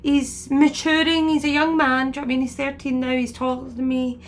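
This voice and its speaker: A woman's voice: high voice, level tone, fairly quick, a little hiss or hum. A woman in her forties chatting casually to viewers, rambling and laughing often as she retells conversations. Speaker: spiritual medium host.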